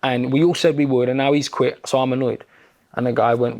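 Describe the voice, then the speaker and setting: A man, a podcast guest, telling a story in casual talk, animated and swearing freely. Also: mid-range voice, brisk. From London. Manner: animated, swears freely, acts out quoted exchanges.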